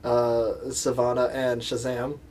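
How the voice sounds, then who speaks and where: A man's voice: medium pitch, flat delivery, slow, a little mellow, distant mic, a little hiss or hum. A man co-hosting a podcast, chatting casually about a movie and slipping into goofy impressions. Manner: jokey, breaks into goofy impressions. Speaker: podcast co-host.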